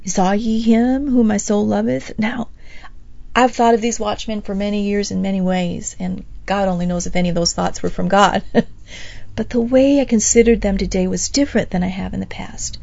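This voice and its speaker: A woman giving a sermon-style Bible teaching, animated, acting out the people she quotes and laughing between phrases. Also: medium pitch, moderate pace, creaky, dry recording. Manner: animated, acts out quoted speakers. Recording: dull, lo-fi, dry.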